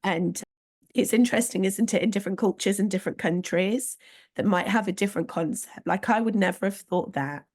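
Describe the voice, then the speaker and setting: A woman's voice: mid-range voice, fairly quick, a little mellow. A British woman hosting a podcast, talking candidly and with a self-deprecating, chatty manner. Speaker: podcast host. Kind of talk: conversational podcast chat.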